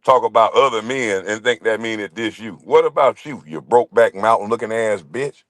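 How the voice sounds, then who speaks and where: A man's voice: fairly low pitch, normal speed, fairly bright tone, no room sound. Foul-mouthed man on a trash-talking rant. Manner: confrontational, trash-talking, swears constantly. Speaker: channel host. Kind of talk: profane ranting monologue to camera.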